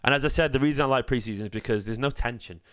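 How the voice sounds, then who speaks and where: A man's voice: mid-range voice, no echo. Guy, fan channel host, casual banter, dry close sound. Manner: chatty, jokey, quick to get excited. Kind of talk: live watchalong chat.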